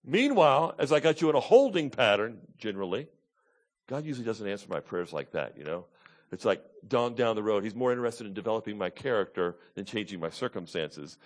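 A man preaching a sermon, drops to low, quiet asides, then rises to loud, high, pleading tones as he voices the psalmist. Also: sing-song, brisk. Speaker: pastor.

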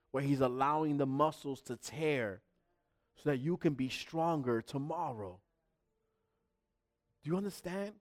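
A man preaching a sermon in a fervent, emphatic style, driving points home through repetition. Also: mid-range voice.

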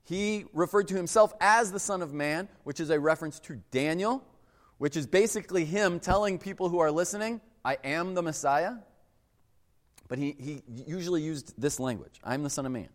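Conversational pastor in a reverberant hall. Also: male voice, fairly high pitch. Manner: conversational, acts out quoted voices. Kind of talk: sermon.

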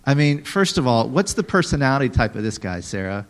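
Male preacher, mid-range voice, animated teaching style with dramatic read-alouds and asides to listeners. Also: medium pitch, a little fast, few pauses. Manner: animated, acts out quotes dramatically, talks to audience members. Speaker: pastor. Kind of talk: sermon.

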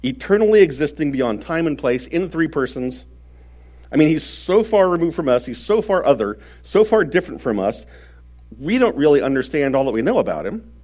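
A man preaching a sermon earnestly, stressing words and swinging between loud and soft. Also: on the high side, very animated, brisk.

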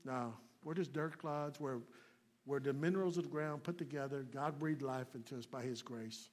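A man preaching a sermon as a guest speaker, folksy and plainspoken, swinging between loud, emphatic points and hushed asides. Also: medium pitch, moderate pace.

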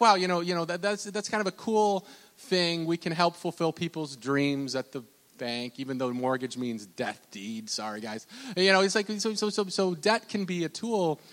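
A man's voice: on the high side, fairly bright tone, long reverb tail. A man who works at a bank, talking casually and rambling with many restarts and fillers. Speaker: bank loan officer. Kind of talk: casual talk.

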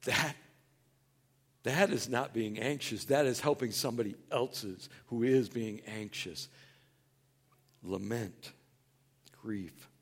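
A male pastor delivering a sermon in an earnest, conversational way, with a voice of middling pitch for a man. He talks with his listeners rather than at them, leaning into quoted lines with a livelier tone and easing down to a quieter delivery when he turns tender. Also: takes it slowly, pauses often, husky. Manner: animated, acts out quoted voices in a higher, louder tone; earnest and conversational, drops soft for tender points.

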